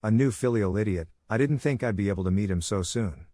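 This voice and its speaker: A man with a fairly low voice narrates a comic story recap. He reads every line, dialogue and action alike, at the same steady, even pace. The sound is close and dry, with no room echo. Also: a little fast.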